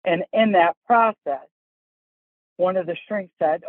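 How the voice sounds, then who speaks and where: A woman's voice: lowish voice, slow, pauses often, no echo. A woman golf instructor, a guest in an interview, telling candid stories and acting out the voices in them. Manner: animated, acts out voices in her stories. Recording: dry, phone-like call audio.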